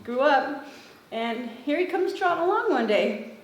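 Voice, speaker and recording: A woman's voice: high-pitched, big pitch swings, unhurried. A middle-aged woman from Northern California gives a conversational tribute at a memorial, with frequent fillers and restarts. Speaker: former student giving a eulogy. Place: memorial gathering in a roomy hall. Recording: roomy echo with faint ambient noise.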